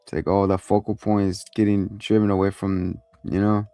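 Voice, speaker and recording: A man's voice: low voice, little pitch movement, moderate pace, warm tone, no room sound, faint music behind. A man hosting a show, giving a rambling, profane, casual recap of a TV episode and acting out lines. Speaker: show host reviewing a TV episode.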